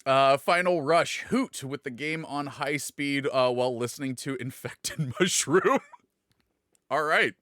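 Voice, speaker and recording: A man's voice: medium pitch, unhurried, a bit bright, no room sound, clean studio sound. A man hosting a casual livestream chat, laughing often and reading viewer comments aloud. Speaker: host.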